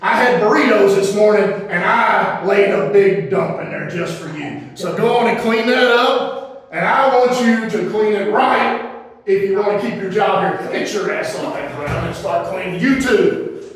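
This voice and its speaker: A man in a wrestling promo, bossing his crew around with insults and shouted orders. His voice sits high and carries from a distance. The echoey room swallows part of it. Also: moderate pace. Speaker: wrestling boss character.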